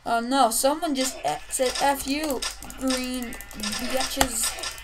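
A young woman commenting on her own gameplay, playfully trash-talking other players and shouting in bursts. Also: high voice, fairly even intonation, slow pace, very noisy. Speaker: gaming youtuber.

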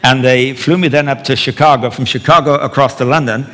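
A man's voice: medium pitch, fairly even intonation, fairly quick, fairly bright tone. A man preaching a sermon, telling a story with wry humor as he teaches. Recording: long hall reverb.

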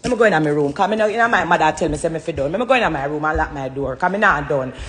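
A woman's voice: low-pitched, animated, rapid-fire, fairly bright tone, echoey room. A woman with a Jamaican Patois accent, ranting to camera as a vlogger, fiery and defiant, hammering her points with repetition. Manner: fiery, defiant, repeats herself for emphasis. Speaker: social media vlogger. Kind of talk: heated rant to camera.

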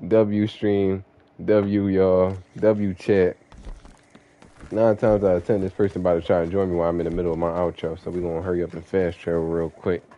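A young man streaming a game and talking casually to his chat, full of slang, swearing and quick laughs. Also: low voice, little pitch movement, highs cut off. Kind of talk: casual live-stream banter.

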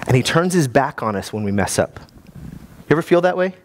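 A man, a guest pastor, preaching a sermon in a lively, conversational way with many restarts. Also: mid-range voice, brisk, a little hiss or hum.

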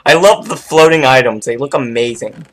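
A young man chatting excitedly while playing a game with a friend, often laughing and getting loud. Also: mid-range voice, normal speed. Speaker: gamer. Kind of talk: casual gaming chat.

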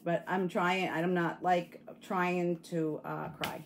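A woman's voice: on the low side, little pitch movement, slow pace, slight background noise. A woman hosting a casual livestream, rambling and answering viewer comments while grieving and near tears. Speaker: livestream host.

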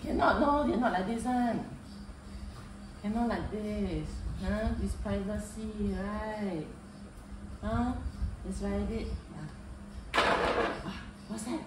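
A woman's voice: medium pitch, slow, pauses often. A woman filming her family at home, coaxing the children with short, repeated instructions in casual chat. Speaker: parent filming a family vlog. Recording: echoey room with background noise.

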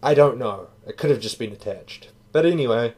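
Man, tired, casual profane review, rambling, mid-pitched voice. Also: expressive, brisk, darkish tone, breathy edge. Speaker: manga reviewer.

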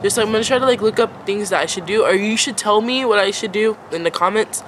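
A young woman in her late teens rambles through a casual storytime vlog, filling nearly every phrase with "like" and "um." Her medium-pitched voice moves quickly, with a little hiss or hum on the recording.

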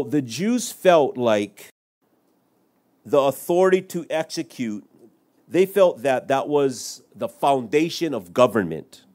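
A middle-aged man delivering a Bible-teaching sermon from the pulpit, walking through scripture verse by verse. He explains each verse in plain words and drops in the occasional aside, with a pitch that sits in the middle range. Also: a little mellow. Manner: expository preaching with scripture citations and asides. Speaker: pastor.

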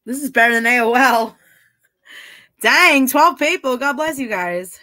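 A woman with a bright, higher-pitched voice chats on a livestream, giggly and flirty as she gushes to her viewers. She talks at an unhurried pace, with a dry, close sound. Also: animated, a little hiss or hum. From half Italian heritage. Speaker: livestreamer reading chat. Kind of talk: casual livestream chat.

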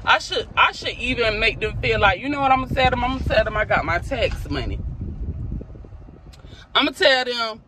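A woman's voice: fairly high pitch, big pitch swings, a little fast, sharp tone, a little hiss or hum, rough recording. A woman venting in a ranting vlog, her voice swinging widely up and down as she gets worked up. She sounds exasperated and profane, talking into a phone from inside a car. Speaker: vlogger and mother. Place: parked car.

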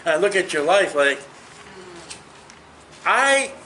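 Leading a Bible study, a man in his fifties preaches with emphasis in a conversational, earnest way, addressing listeners personally and directly. His high, bright, forceful voice swings widely in pitch as he takes it slowly. The low-quality recording has faint noise underneath.

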